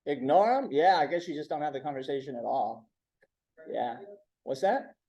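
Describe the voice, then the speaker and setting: A man's voice: fairly high pitch, expressive, moderate pace, dark tone, highs cut off. A man giving a conversational training talk, checking in with the audience with frequent "right?". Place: symposium room.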